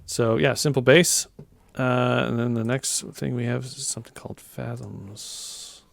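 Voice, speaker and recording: A man explaining his music production in a relaxed, casual way, thinking aloud with fillers and self-corrections. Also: medium pitch, a little slow, creaky, no room sound. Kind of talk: casual screen walkthrough. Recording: music playing underneath.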